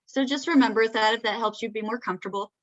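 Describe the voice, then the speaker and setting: A woman's voice: on the high side, fast talker, no echo, dull audio. A woman with a Southern accent giving a conversational talk, often checking in with "right?". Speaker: presenter. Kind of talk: presenting a talk.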